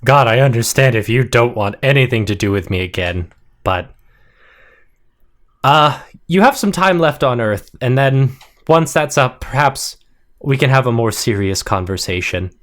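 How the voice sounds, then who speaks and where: A man narrating a tabletop role-play as game master, relaxed and wry. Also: medium pitch, normal speed.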